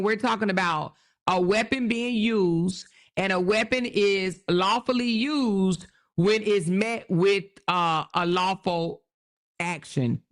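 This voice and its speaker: A woman hosting her own show, giving casual commentary on a news story and often repeating herself as she checks in with viewers. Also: mid-range voice. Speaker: host.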